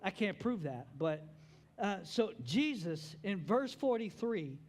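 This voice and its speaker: A man preaching a sermon as pastor, animated, with playful joking asides. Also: high voice, slow pace.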